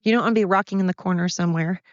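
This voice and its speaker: A woman's voice: fairly low pitch, steady tone, rapid-fire, no room sound, highs cut off. A middle-aged woman hosting a confessional solo podcast from home, rambling and apologetic as she talks through her struggles. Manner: rambling, apologetic, openly emotional. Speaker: podcast host.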